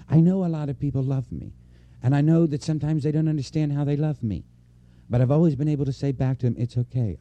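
A man's voice: medium pitch, mellow, highs cut off. A man preaching a conversational sermon to a church congregation, earnest and personal, repeating key lines for emphasis.

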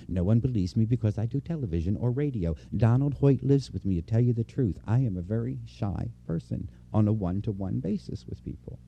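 A man delivers a conversational sermon to his congregation in a very dark, mellow voice. He speaks earnestly and personally, repeating key phrases for emphasis. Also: lowish voice, muffled recording. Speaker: preacher. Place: church before a congregation.

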